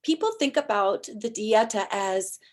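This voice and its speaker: Slow, soft-spoken woman host. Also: medium pitch, animated. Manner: soft, slow, heartfelt, drifting into near-whispers. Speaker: podcast host and ayahuasca facilitator. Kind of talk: casual spiritual chat.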